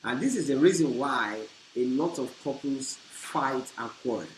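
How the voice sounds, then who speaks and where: A man preaching a teaching on marriage, with an emphatic delivery that swells into loud bursts. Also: medium pitch, expressive, moderate pace. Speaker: pastor. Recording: echoey room with faint hiss.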